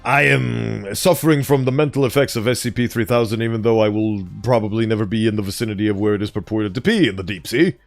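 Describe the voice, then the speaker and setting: A man's voice: lowish voice, fast talker, vocal fry, hardly any pauses. A man reading horror fiction aloud, who stumbles over words and breaks off into chatty comments. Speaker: online reader and host. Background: faint background music.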